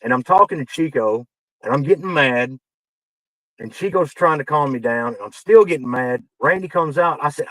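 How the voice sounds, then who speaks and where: Man, podcast guest, animated storytelling, heated, swears, higher voice, dry sound. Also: moderate pace, no room sound, low-quality recording. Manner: animated, acts out quoted dialogue, gets heated and swears. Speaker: podcast guest, wrestling veteran. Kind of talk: casual storytelling.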